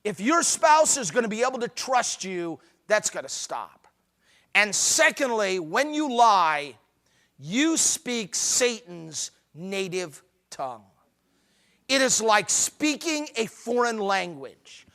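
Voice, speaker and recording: At a marriage conference, a man gives a humorous, emphatic live seminar talk, mixing preachy urging with jokes. His voice is high, very animated and bright with a forceful tone, and he takes it slowly.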